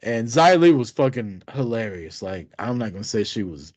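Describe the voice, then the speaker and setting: A man's voice: mid-range voice, moderate pace, no echo. A man in his thirties, co-host of a podcast, telling a story casually with lots of laughter and swearing. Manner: profane, laughing, animated storytelling.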